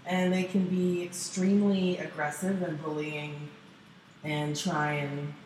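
A woman in casual chat, calm, telling a short story of her own. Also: sits low, slow. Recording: echoey room, distant mic, faint noise.

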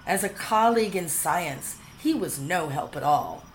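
A woman reading a storybook aloud in a playful, expressive manner. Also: lowish voice, a little slow, a little hiss or hum, rough recording. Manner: playful, expressive, shifting into character voices.

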